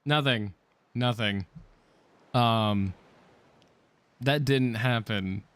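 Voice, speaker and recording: Man, dungeon master, casual narration, mid pitch, self-correcting. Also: drawn-out words, a bit bright, clean tone. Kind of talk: narrating a tabletop game.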